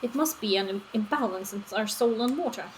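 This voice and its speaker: A woman's voice: a little high, a little fast, a little hiss or hum, lightly acted, rough recording. A woman voicing an earnest male tea merchant villager, speaking in formal, old-fashioned phrasing.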